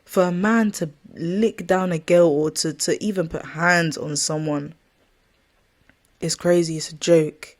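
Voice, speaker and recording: A woman's voice: fairly low pitch, steady tone, unhurried. A woman ranting casually to camera as a vlogger, rambling and correcting herself often in an exasperated way.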